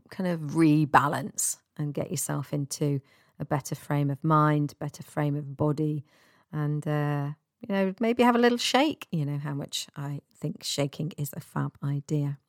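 Lady doing a self-help podcast, low voice, chatty and kind, dry close sound. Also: dry recording. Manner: gentle, chatty, laughs at herself. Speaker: podcast host.

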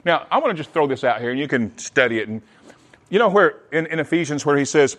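A man preaching a sermon in an animated way, often restarting his words. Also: fairly high pitch, fast talker. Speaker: pastor.

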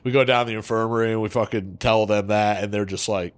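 A man's voice: on the low side, fast talker. A man telling a story from his own past on a podcast, casual and heavy on swearing. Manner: profane, animated, swears constantly. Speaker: podcast co-host.

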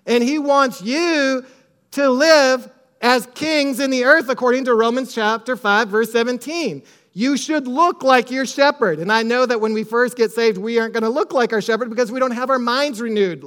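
A man with a strikingly high voice preaching from the pulpit. He drives his points home with repetition and chapter-and-verse references, and at moments lowers his voice almost to a hush while telling a family story. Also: brisk. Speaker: pastor. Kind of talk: sermon.

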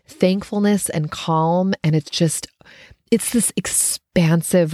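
A woman hosting her own show, telling a personal story in a casual, animated way, laughing often and jumping up in pitch when she gets excited. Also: dry recording, studio quality. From United States.

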